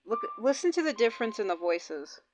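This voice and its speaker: A young woman hosting a gaming channel comments on her gameplay in a casual chat full of swearing. Her voice is a little high, very animated and brisk. The audio is dull and lo-fi, with faint game music behind her.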